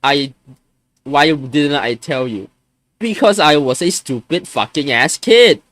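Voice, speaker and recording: Man, twenties, venting streamer, swinging pitch, dry close mic, stammers and swears. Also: lively intonation, takes it slowly, fairly bright tone, dry recording. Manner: frustrated, swearing, stammering restarts.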